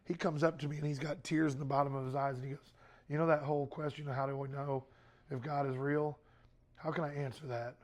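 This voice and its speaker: A man's voice: on the high side, level tone, quick pace, a little mellow. A middle-aged man speaking to a youth group in a casual, conversational way, often repeating words and using fillers.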